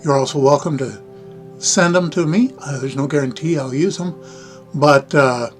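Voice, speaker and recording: An older man with a Midwestern American accent chats casually on his livestream, rambling along in a folksy way with chuckling asides. His voice sits a little high. Faint music plays behind him. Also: moderate pace. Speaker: livestream host. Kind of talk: casual live-stream chat.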